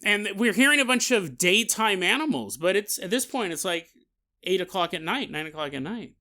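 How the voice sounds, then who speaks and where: Bright-voiced joking podcast host. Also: male voice, high voice, normal speed. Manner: joking, animated, laughing asides. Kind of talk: comedic storytelling.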